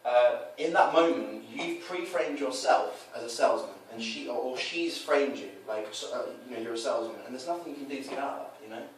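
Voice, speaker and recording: Explaining his coaching style in a casual way, a male dating coach talks fairly quickly with few pauses at medium pitch. He acts out quoted scenes in different voices, very animated. A distant mic picks up room echo and faint noise.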